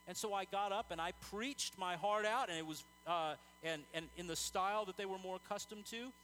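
A man's voice: high voice, a bit bright, a little hiss or hum, rough recording. A man preaching a sermon in an earnest, conversational way, telling stories with many fillers and restarts.

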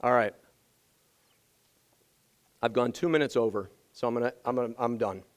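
Preaching at a moderate pace in a medium-pitched voice, this pastor is energetic and emphatic, circling back to his key phrases. His voice is strained from yelling the previous day, and the recording quality is rough.

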